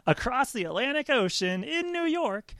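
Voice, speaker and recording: A man's voice: very high-pitched, sing-song, measured pace, a bit bright, no echo, studio quality. A man co-hosting a music podcast in casual chat, talking with lots of fillers and restarts. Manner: chatty, filler-heavy. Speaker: podcast co-host. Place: remote, on a call line.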